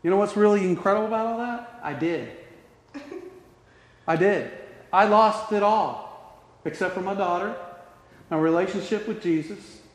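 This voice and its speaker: A man preaching a sermon with passion, shifting between loud emphasis and hushed, quiet tones. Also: sits high, unhurried, pauses often. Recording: echoey hall.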